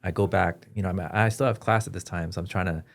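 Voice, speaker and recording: A man as a podcast guest, telling his personal story in an earnest, halting way with frequent restarts. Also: low voice, steady tone, creaky. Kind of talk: personal testimony in an interview.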